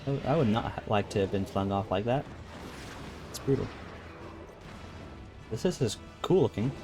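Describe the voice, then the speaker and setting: A male streamer gives casual let's-play commentary in a lowish voice. He chats, thinks out loud and reads game dialogue while faint game music plays behind him. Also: expressive, normal speed. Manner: chatty, muses aloud and reads game lines.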